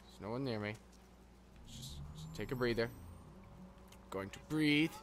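A man's voice: medium pitch, unhurried, long pauses. A man giving casual, rambling let's play commentary with sarcastic, self-mocking jokes. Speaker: gameplay commentator. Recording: noisy game audio behind.

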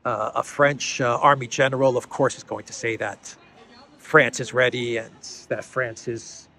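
A man's voice: mid-range voice, fairly even intonation, unhurried, gravelly, sharp tone. A man hosting a casual political commentary show, talking in a conversational way, repeating words as he thinks and adding sardonic asides.

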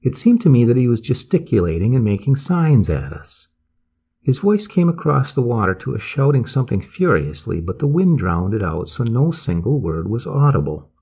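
Husky, expressive male storyteller. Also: medium pitch, normal speed. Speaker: narrator. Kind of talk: scripted audiobook narration.

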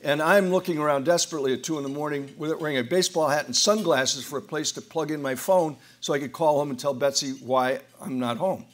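A man's voice: on the high side, fast talker, few pauses. Wry older man telling a story. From United States. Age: 60s or older. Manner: wry, self-deprecating, with frequent restarts. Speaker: speaker at a roundtable. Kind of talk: humorous storytelling speech. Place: event hall before an audience.

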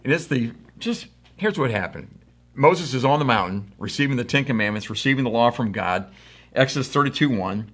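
A middle-aged American man, a pastor, delivers a conversational sermon full of stories and acted-out quotes. His mid-range voice is expressive, brisk, and a bit bright.

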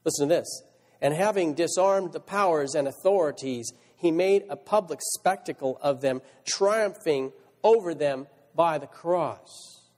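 A man's voice: a little high, unhurried, a little mellow. A male pastor preaching a sermon, reading scripture aloud and asking rhetorical questions. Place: church sanctuary. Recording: church hall reverb.

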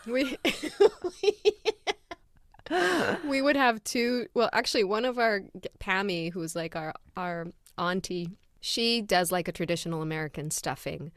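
A young adult woman co-hosting a podcast, telling family stories in an animated way and laughing often. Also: mid-range voice, a little slow, dry recording. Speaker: podcast co-host. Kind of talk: casual chat.

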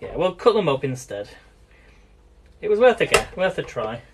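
A man's voice: a little high, very animated, normal speed, slight background noise. A British man hosting a live cooking stream, chatting in a rambling way and often addressing viewers as guys. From Britain. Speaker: cooking livestream host. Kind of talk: casual live cooking demo.

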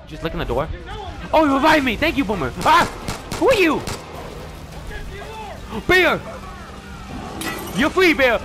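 A young man giving let's-play commentary, excitable and joking, often yelling and reacting loudly. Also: very high-pitched, measured pace, long pauses, music in the background. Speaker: gaming YouTuber.

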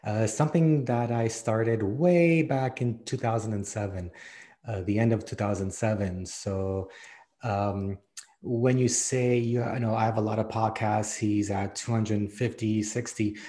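A man's voice: lowish voice, steady tone, unhurried, dark tone. A man from Canada, a guest in a casual interview, talking in an easygoing way and laughing often. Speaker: podcast host, guest.

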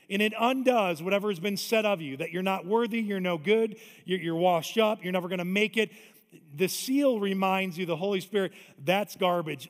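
A middle-aged man preaching a sermon in a church, emphatic and energetic, with quick conversational asides. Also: high-pitched. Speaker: pastor. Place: church auditorium. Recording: long reverb of a large hall.

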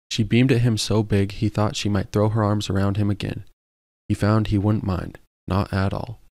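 A male audiobook narrator delivers scripted narration in a low, gravelly, darkish voice, captured with clean studio sound and no echo.

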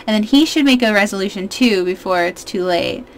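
A woman in her twenties giving casual, excitable let's-play commentary as a gaming YouTuber, chatting to her viewers. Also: medium pitch, brisk.

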